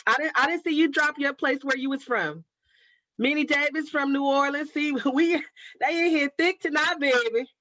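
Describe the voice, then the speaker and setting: Casually chatting through viewer comments, a craft livestream host from Oakland, California, calls her audience "baby" and "girl." Her voice sits high with a fairly bright tone, and she speaks at a moderate pace. The recording is dry and slightly dull.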